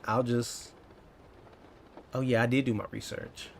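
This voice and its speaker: A coding vlogger in his thirties chats casually with his live viewers, his medium-pitched voice level, a little slow and gravelly. He's playful and joking, now and then slipping into over-the-top dramatic bits. There's slight background noise.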